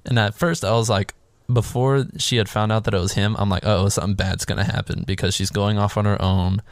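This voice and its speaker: A man's voice: on the low side, fairly even intonation, fairly quick, clear, resonant tone, no echo. A man casually recapping a film on a podcast, rambling through the plot and acting out the characters' lines, with plenty of swearing. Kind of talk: casual chat.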